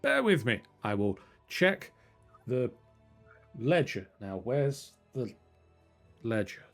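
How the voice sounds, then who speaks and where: A man voicing an absent-minded elderly gnome shopkeeper in a tabletop game, in a high quavering voice. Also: sing-song, takes it slowly, gravelly, soft background music, exaggerated voice. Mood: doddering.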